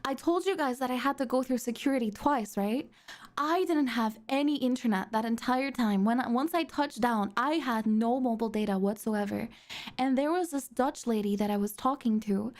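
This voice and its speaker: A young woman streamer chats casually with a friend and laughs often. Her voice sits very high and bright in pitch. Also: normal speed. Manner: giggly, laughs often while telling stories. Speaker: streamer host. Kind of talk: casual chat.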